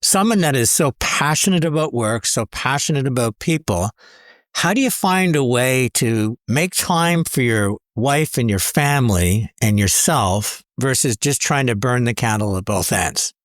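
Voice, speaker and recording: A man hosting a podcast interview, asking questions in a thoughtful, measured way. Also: mid-range voice, animated, no room sound, clean studio sound. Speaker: podcast host.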